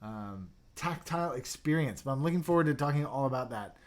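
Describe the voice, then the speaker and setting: A young man hosting a casual livestream, chatty and excitable, reading viewer comments and dropping into mumbled asides. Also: mid-range voice, brisk, a little hiss or hum. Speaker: livestream host reviewing keyboards.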